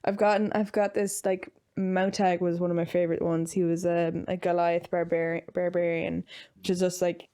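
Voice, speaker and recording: A woman's voice: lowish voice, little pitch movement, normal speed, dark tone, smooth. A young woman chatting casually as a podcast guest, telling rambling stories full of fillers. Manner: rambling, filler-heavy storytelling. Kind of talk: casual chat.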